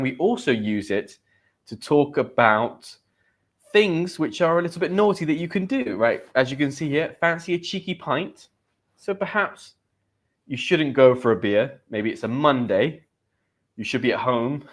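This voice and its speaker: A man with a British accent teaching English slang in a live stream, chatting with viewers and reading out their comments. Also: mid-range voice.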